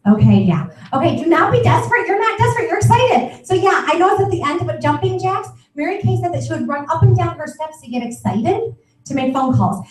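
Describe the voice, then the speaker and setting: A woman's voice: high voice, quick pace. Upbeat woman coaching in an echoey room. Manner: upbeat, energetic, peppy coaching. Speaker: sales trainer. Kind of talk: live training talk. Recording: echoey room, voice from far off the mic.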